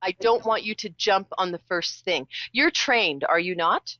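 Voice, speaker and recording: A woman's voice: mid-range voice, normal speed, pushed and bright, no room sound, muffled recording. A woman hosting a call-in psychic show, talking in a chatty, teasing way with emphatic repetitions. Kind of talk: live call-in psychic reading.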